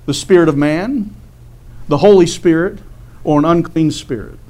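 Folksy preacher, fairly high voice. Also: male voice, normal speed, darkish tone. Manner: folksy, says amen often, laughs at own stories. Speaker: pastor. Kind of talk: sermon.

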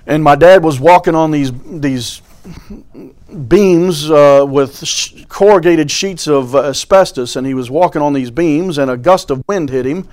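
A man's voice: a little high, a little slow, a little mellow. A man preaching a sermon, folksy storytelling with fervent swells.

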